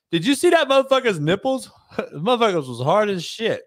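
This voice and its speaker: A man hosting a talk show, ranting in a profane, animated, rambling way. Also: sits high, fairly quick, dry recording. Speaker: host. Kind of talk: casual chat.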